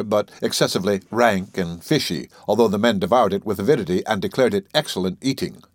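A man giving a steady, measured scripted narration of a classic novel as an audiobook reader. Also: medium pitch, no room sound, clean studio sound.

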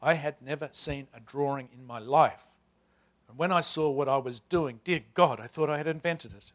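Older Australian man voicing a proud, wry aging servant, emphatic storybook telling, mid-pitched. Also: normal speed, close to an everyday voice. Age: 60s. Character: wry proud older male servant narrating his life. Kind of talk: reading aloud from a novel.

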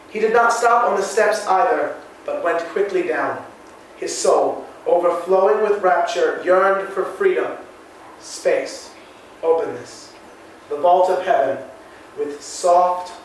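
Solemn male reader in a very echoey room. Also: on the high side. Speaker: narrator. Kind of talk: audiobook reading of a classic novel. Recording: very echoey room, mic far off, faint hiss.

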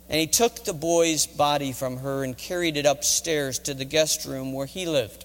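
High-voiced man preaching in a chapel. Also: steady tone, a little slow, few pauses, a bit bright. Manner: dramatic, vivid Bible retelling. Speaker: college chaplain. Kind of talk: sermon storytelling. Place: college chapel. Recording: reverberant chapel hall.

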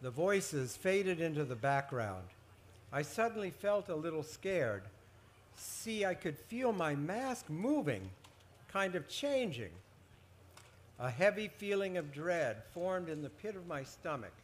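Male author, dramatic read-aloud, spooky kids' story, slightly high voice, suspenseful. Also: slow pace, a little hiss or hum. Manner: expressive, building suspense. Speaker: children's author. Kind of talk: dramatic reading aloud of his own horror story. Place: book festival stage.

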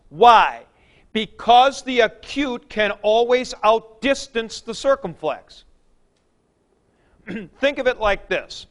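A man teaching a class, asking questions and answering them himself, often clearing his throat. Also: high-pitched, fairly bright tone. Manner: uses sports comparisons and jokes. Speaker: Greek teacher. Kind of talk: classroom lecture.

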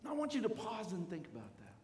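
A man, a university chaplain, preaching a sermon with animated storytelling, acting out the voices of the people in his story. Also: high voice, fast, a little hiss or hum. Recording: echoey hall.

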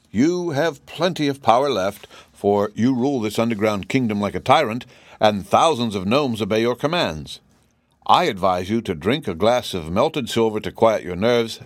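A frightened, sleepy servant gnome answers his king in a meek, low-key voice, as a man reading the story puts him on. It is a dry, close storybook reading. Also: no echo, close to an everyday voice. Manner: meek, plain replies. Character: timid, weary male gnome steward. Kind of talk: audiobook character reading.

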